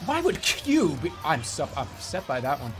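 Cursing and laughing at the game's brokenness, a man gives exasperated commentary while streaming, with loud game music behind. His slightly high voice swoops wildly in pitch at a moderate pace.

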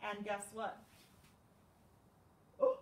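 Young woman librarian, storytime reader, slow sing-song delivery, echoey and distant. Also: mid-range voice. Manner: animated, slow, sing-song reading with gasps. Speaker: children's librarian. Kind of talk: livestreamed children's storytime. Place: library room. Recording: echoey room, mic far off.

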